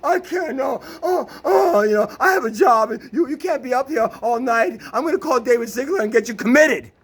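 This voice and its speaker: A man's voice: very high voice, lively intonation, normal speed, fairly bright tone, breathy edge, voice pushed up, full character voice. A man putting on the voice of an exasperated ex-girlfriend, pleading and raised. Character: fed-up, panicky ex-girlfriend.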